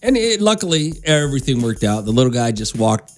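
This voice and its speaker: A man's voice: mid-range voice, very animated, a little fast, noisy background. A male radio morning show host talking casually in a studio, telling loose, rambling stories straight to his listeners. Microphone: studio microphone.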